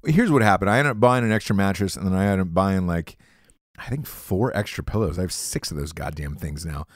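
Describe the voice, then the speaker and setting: A man's voice: sits low, lively intonation, brisk, no echo, clean studio sound. A man hosting a podcast, reading sponsor ads as crude, rambling comic riffs full of swearing. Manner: profane, rambling, jokey riffs. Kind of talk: crude comedic ad read.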